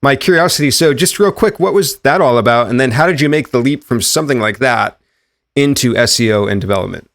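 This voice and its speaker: A man's voice: mid-range voice, a little fast, gravelly, fairly bright tone, no echo. Upbeat male podcast host, dry sound. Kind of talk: podcast interview hosting.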